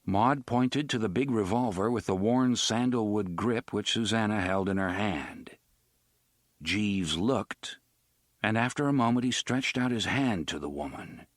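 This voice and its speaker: Man, audiobook narrator, lively pitch, dry close sound, expressive. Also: measured pace, no echo. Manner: expressive, varied delivery.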